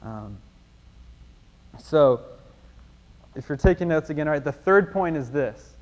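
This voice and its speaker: Conversational preacher in a reverberant hall. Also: male voice, fairly high pitch, lively intonation, measured pace, darkish tone. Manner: conversational storytelling with many fillers and restarts. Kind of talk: sermon.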